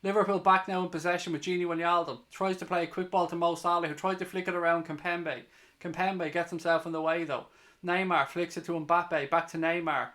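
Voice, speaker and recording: Brief male fan host, fairly high voice, live play-by-play breaking into angry cursing rants. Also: flat delivery, a little fast, pushed and bright. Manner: sweary, heated, ranting between play-by-play. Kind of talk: live match reaction commentary.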